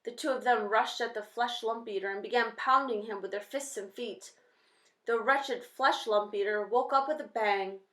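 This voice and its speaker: A woman's voice: fairly high pitch, moderate pace. Woman reading a children's story. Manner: steady expressive storytelling. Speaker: reader. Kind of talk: reading a children's novel aloud. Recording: roomy echo.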